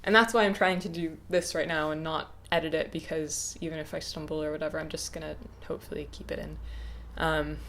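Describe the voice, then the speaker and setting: A young woman in her twenties talking to camera off the cuff, hesitant and reflective, with many pauses and restarts. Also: low voice, steady tone, fairly bright tone, slight background noise. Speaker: YouTuber. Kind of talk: casual unscripted talk to camera.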